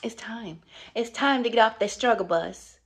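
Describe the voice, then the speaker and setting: A woman's voice: a little high, normal speed. A middle-aged woman vlogging about her juicing journey in a casual, upbeat, chatty way, with many fillers. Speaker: wellness vlogger. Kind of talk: casual motivational vlog.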